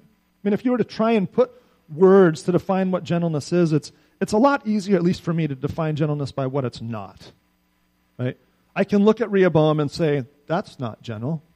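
A middle-aged man delivers a sermon with an easy, conversational warmth, tossing rhetorical questions to his listeners. His voice sits a little higher than most men's yet sounds mellow and soft-edged. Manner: conversational, animated preaching with frequent rhetorical "right?". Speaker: pastor.

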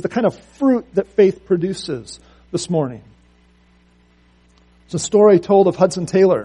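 A man's voice: high-pitched, dark tone, breathy edge. A man preaching a sermon, earnest and story-driven, often repeating words as he restarts.

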